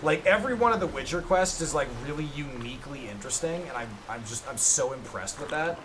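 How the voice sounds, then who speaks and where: A man streaming a game live, chatting excitedly with his viewers and yelping during tense moments. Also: mid-range voice, fairly quick, hardly any pauses, faint music behind. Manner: excitable, chats to viewers, yelps at the action. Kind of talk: casual live-stream gaming commentary.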